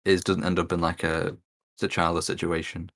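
A co-host in a casual podcast chat, speaking in a relaxed, hesitant way with many restarts. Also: sits low, normal speed.

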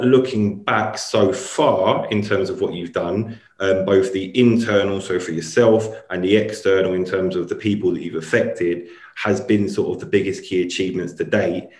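A man's voice: low voice, a little mellow. A man hosting a podcast interview, asking long, hesitant questions full of fillers. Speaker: podcast host. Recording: roomy echo.

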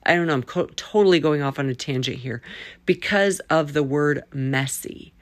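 A woman hosts her own faith-based podcast in a low voice, stretching key phrases out for emphasis. She talks in a folksy, preachy way and drifts into a playful Southern drawl. The sound is dry and close, with no room echo. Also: normal speed. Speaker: podcast host.

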